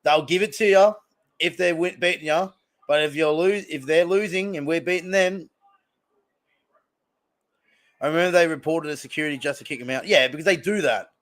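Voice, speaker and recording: A man's voice: fairly high pitch, a little fast, fairly bright tone. A young man with an Australian accent casually chatting and reacting to plays as he hosts a live stream watch-along, rambling between topics. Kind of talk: casual live commentary and chat.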